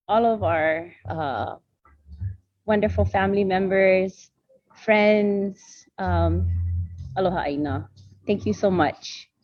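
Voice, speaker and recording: A woman's voice: mid-range voice, dry recording. A woman giving closing thanks over a video call, hesitant and full of fillers. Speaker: closing speaker. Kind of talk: thank-you remarks. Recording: dull, dry lo-fi sound.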